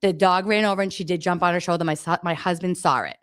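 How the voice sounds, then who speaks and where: A woman's voice: fairly low pitch, steady tone, quick pace, no room sound. A middle-aged woman, a daycare owner, telling her story on a radio interview in an emphatic, exasperated way, acting out the exchanges.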